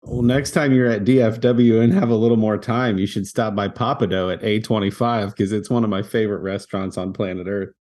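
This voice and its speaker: A man's voice: lowish voice, fairly even intonation, a little fast, few pauses, darkish tone. A man co-hosting a podcast, teasing his friend in casual chat. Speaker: podcast co-host.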